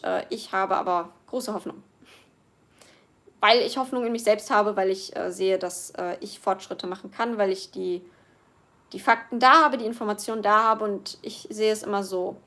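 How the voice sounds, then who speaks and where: Hosting a live Q&A, this young German woman in her twenties reads viewer comments aloud in a mid-range voice that sounds pushed and bright. German is her first language, and she talks in an earnest, chatty way full of fillers and false starts.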